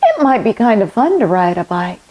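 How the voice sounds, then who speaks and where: A woman's voice: medium pitch, sing-song, normal speed, darkish tone, voice pushed down. A woman voicing a cheerful male farm duck in a children's storybook reading, in a pleased, easygoing way.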